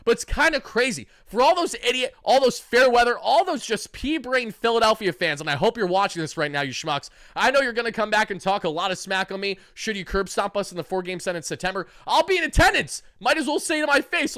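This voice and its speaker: A brash, trash-talking young man giving hyped fan reaction commentary. His voice sits very high for a man and sounds bright and forceful. The recording is dry and close, with no room sound. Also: animated, brisk, few pauses, no echo. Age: young adult. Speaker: sports channel host.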